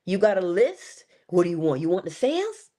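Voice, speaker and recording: A woman's voice: fairly low pitch, big pitch swings, a little fast, dark tone. A woman hosting a live-streamed inspirational talk, speaking in a preacherly way, greeting viewers by name, her voice congested. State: congested, coughing.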